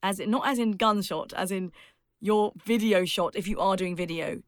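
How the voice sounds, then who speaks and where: A woman's voice: mid-range voice, normal speed, no echo, studio quality. A woman, a public speaking coach and author, giving emphatic advice as a podcast interview guest and laughing often.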